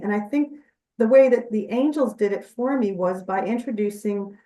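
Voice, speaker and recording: A woman speaks as an interview guest, earnest and chatty as she explains. Her voice sits in a middle pitch. She sounds set back from the microphone in an echoey room. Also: moderate pace, warm tone, distant mic. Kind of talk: conversational interview storytelling.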